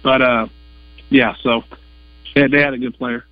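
A young man playing football, called in as a guest, talking in a plain, halting way. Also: medium pitch, fairly even intonation, no room sound. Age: young adult. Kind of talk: phone interview. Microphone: phone. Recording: tinny phone line.

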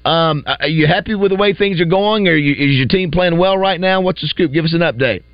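A man's voice: fairly high pitch, brisk, clear, resonant tone, dry recording. A man hosting a sports talk radio show from a studio, chatty, with many uhs and restarts. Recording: slightly dull dry studio audio.

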